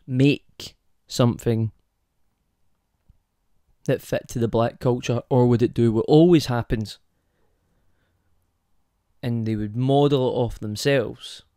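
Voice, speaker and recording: A man hosting his own podcast, thinking out loud in a casual monologue. His pitch sits in an ordinary middle range, and he keeps drifting into tangents and stopping to ask listeners whether they follow him. The close mic gives a dry sound with no room echo. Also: steady tone, slow, pauses often. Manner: rambling, goes off on tangents, asks rhetorical questions. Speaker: podcast host.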